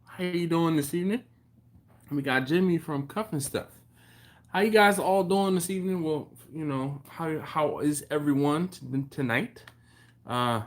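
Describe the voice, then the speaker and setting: A man hosting a live stream from home, casually greeting chat viewers by name and rambling between topics. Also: mid-range voice.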